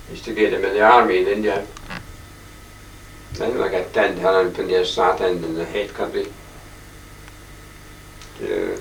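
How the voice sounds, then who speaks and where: An older man talks his halting, wandering way through his paintings, often clearing his throat. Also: low-pitched. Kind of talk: rambling casual reminiscence. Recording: echoey room, distant mic, faint hiss.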